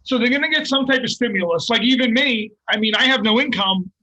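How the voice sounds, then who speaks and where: A jiu-jitsu coach and guest, a man telling animated, profane stories in casual podcast chat. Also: very high voice, quick pace, poor audio.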